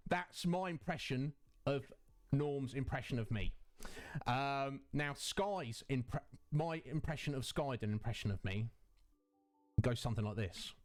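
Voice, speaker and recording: Man, streamer, casual chat, effusive, middle pitch, faint background music. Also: unhurried. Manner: effusive, chatty, greets viewers by name.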